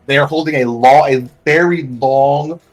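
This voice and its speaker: A man's voice: medium pitch, unhurried, poor audio. A man narrating as game master for a tabletop role-playing game, describing scenes loosely with many fillers.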